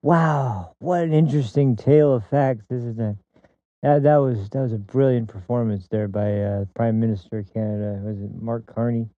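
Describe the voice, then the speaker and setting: A man's voice: medium pitch, moderate pace, mellow, dry recording, muffled recording. A man hosting a podcast, delivering a blunt, crude political commentary monologue that rambles with many restarts. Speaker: podcast host.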